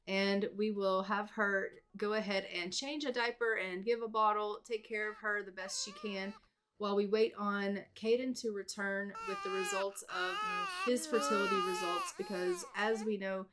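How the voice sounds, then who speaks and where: A woman narrates a life-sim let's play as an ongoing story, chatty and rambling and frequently repeating herself. Her voice is mid-range, and there's noise in the background.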